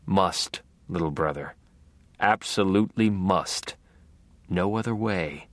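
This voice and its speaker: A man voicing a menacing killer brother who speaks slowly and mockingly. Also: no echo. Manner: slow, low, darkly mocking.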